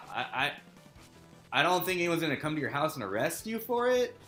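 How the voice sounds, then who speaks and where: A man live-streaming a game, chatting casually, laughing often, swearing and shouting at tough jumps. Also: fairly high pitch, big pitch swings, moderate pace, roomy sound, faint music behind. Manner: swears a lot, laughs often, loud outbursts while playing. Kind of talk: casual gaming stream chat.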